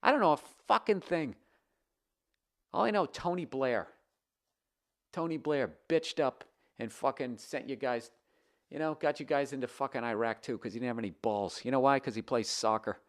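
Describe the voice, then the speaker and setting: A man's voice: mid-range voice, normal speed. Profane, fired-up ranting comedian, a man. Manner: reading an email aloud and mocking it. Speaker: comedian podcast host. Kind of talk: comedic rant.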